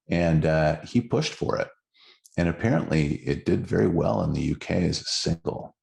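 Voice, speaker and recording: A middle-aged man with an extremely low, gravelly voice co-hosts a casual music podcast. He talks in an animated, storytelling way, full of restarts and asides. He has plenty of trivia and clearly enjoys sharing it. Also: normal speed. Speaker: podcast co-host.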